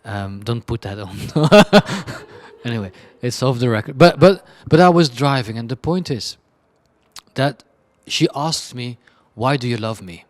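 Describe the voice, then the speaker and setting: Man, creative director being interviewed, chaotic and blunt, ordinary mid-range pitch. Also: expressive, a little slow. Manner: chaotic, rambling, frequent restarts and laughs; blunt and self-deprecating. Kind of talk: candid conversational interview answers.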